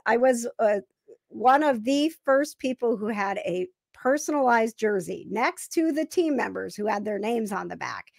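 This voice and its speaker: A woman's voice: a little high, expressive, moderate pace, vocal fry, no room sound, studio quality. A woman hosting a talk show, chatting casually with lots of fillers and thanks to her audience. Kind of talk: casual chat.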